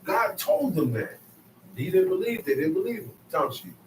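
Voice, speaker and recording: Man teaching scripture, high voice, emphatic, repeats himself, roomy echo, distant mic. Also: big pitch swings, moderate pace, slight background noise. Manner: emphatic, conversational, repeats phrases. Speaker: bible teacher. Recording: echoey room, mic at a distance.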